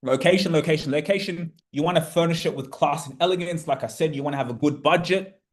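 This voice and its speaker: A man's voice: a little high, fast. Passionate man hosting a webinar. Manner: animated, passionate, sometimes swears. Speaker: webinar host. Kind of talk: casual webinar presentation.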